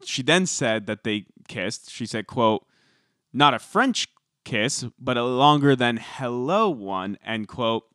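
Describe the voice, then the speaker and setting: A man's voice: medium pitch, a bit bright, dry recording, clean studio sound. A man co-hosting a podcast, chatting casually about celebrity gossip and reading quotes aloud. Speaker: podcast co-host. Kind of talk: casual chat.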